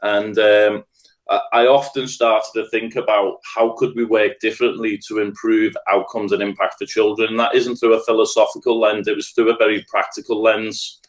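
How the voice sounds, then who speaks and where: A man's voice: lowish voice, flat delivery, moderate pace. A middle-aged man with a Scouse accent, speaking earnestly and thoughtfully as a podcast guest. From Liverpool, England. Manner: earnest, thoughtful, builds points in lists. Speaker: guest, restorative practice trainer. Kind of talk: reflective podcast conversation.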